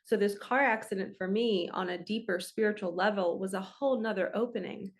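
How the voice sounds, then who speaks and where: A woman's voice: medium pitch, fairly quick. A woman hosting her own channel as a spiritual coach, speaking to camera in a casual, earnest and reflective way, with frequent fillers. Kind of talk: casual heartfelt talk to camera.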